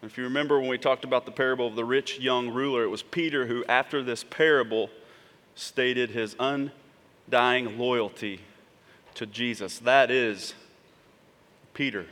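In a church sanctuary, recorded with long hall reverb, a male pastor preaches a sermon conversationally, checking in with his congregation through frequent asides. His mid-range voice is steady and a bit bright, at a normal speed.

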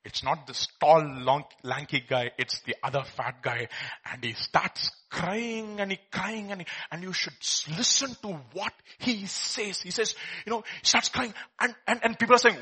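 A man preaching a sermon, telling a film story with swings from hushed to loud. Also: high voice, animated, moderate pace, slightly rough. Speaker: pastor.

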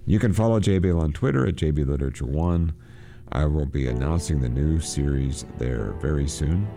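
A man hosting a radio book program, reading passages aloud and explaining them with halting repeats. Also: extremely low pitch, warm tone, faint music behind. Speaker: radio show host.

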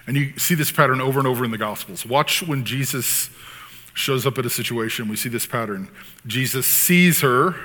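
A man preaching a sermon as pastor, talking in an animated, conversational way with frequent asides. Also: medium pitch. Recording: long hall reverb.

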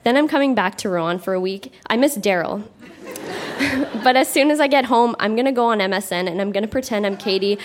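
A woman's voice: mid-range voice, brisk, a little hiss or hum. A woman reads her old diary aloud on a theatre stage, wry and breaking into laughter between entries. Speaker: reader on stage. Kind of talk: reading childhood diary aloud to a live audience.

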